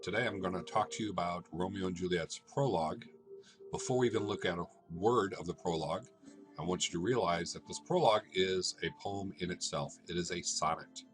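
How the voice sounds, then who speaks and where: A man with a very low voice explains a lesson step by step, pausing between short phrases. He keeps checking that his listeners are following along. Soft music plays faintly underneath him. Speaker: teacher.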